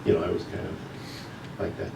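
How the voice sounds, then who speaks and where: A man with a fairly low voice tells a personal story from the pulpit, earnest and reflective. He sounds set back from the mic, with the sound ringing around a large church room. A faint hiss sits under his voice. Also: monotone, fairly quick, gravelly, warm tone, reverberant, distant mic, poor audio. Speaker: guest speaker at a church service. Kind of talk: personal testimony talk. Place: church sanctuary.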